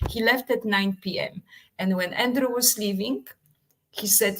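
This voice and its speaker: A woman's voice: mid-range voice, a little slow, fairly bright tone, rough recording. A woman, an author and actress, telling an anecdote dramatically in a live interview, in slightly non-native English. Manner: dramatic storyteller, emphatic and theatrical.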